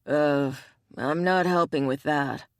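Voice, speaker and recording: A woman's voice: low-pitched, takes it slowly, no room sound, clean studio sound. A woman voicing a big, protective male bear shifter in an audiobook, grumbling and dramatic.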